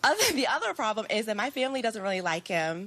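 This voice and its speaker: Woman audience member, earnest, lively upper-middle pitch, light background noise. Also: quick pace. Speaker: audience member asking advice. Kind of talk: casual chat.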